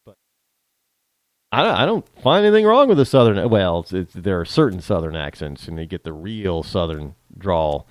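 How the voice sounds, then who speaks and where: A man's voice: deep voice, big pitch swings, moderate pace, darkish tone, no room sound. A man from the northern United States hosting a talk show, chatting alone in a rambling way with many restarts and a northern American accent. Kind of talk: casual solo monologue.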